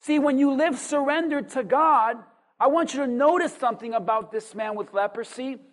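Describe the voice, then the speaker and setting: A pastor delivers a sermon in a high, bright-toned voice. The preaching rises to emphatic, near-shouted peaks and drops to hushed asides, driven by rhetorical questions and call-and-response. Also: normal speed. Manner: dynamic preaching, swings from loud emphatic to quiet.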